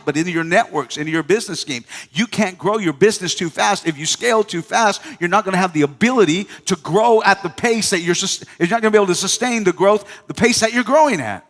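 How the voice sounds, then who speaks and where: High-voiced preacher man in an echoing hall. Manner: lively preaching with call-and-response asides. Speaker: pastor. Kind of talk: sermon. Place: church hall.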